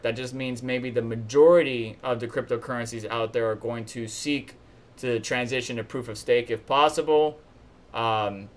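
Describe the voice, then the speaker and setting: A man hosting a live stream, giving casual news commentary in a chatty, blunt way and complaining openly. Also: mid-range voice.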